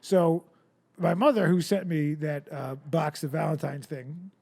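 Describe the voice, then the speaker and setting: High, gravelly-voiced joking man. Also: fairly even intonation, measured pace, a little mellow. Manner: rambling storyteller, wry and joking. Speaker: podcast co-host. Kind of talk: casual comedic chat.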